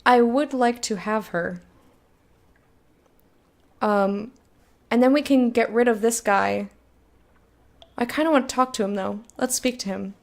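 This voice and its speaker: A woman's voice: a little high, a little slow, vocal fry, long pauses. Chatty, foul-mouthed woman streamer. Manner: chatty, frank, swears freely, talks to chat. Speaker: game streamer. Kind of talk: casual let's-play chat, reading game text aloud.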